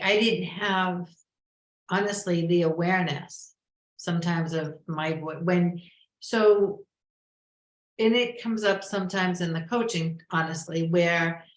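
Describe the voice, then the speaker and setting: A woman's voice: fairly low pitch, roomy sound, low-quality recording. A woman life coach, a guest on a podcast, speaking thoughtfully and searching for her words. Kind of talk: casual interview conversation.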